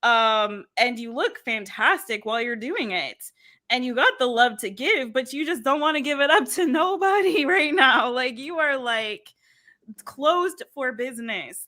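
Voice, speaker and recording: Bright-voiced woman doing a tarot reading, slangy, giggly, says like a lot. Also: a little high. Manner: giggly, slangy and playful, lots of "like". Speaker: tarot reader. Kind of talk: casual tarot reading chat.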